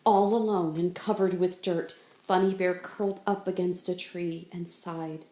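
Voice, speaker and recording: A woman teacher reading a picture book aloud in a slow, expressive storytelling voice. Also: on the low side. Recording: roomy echo.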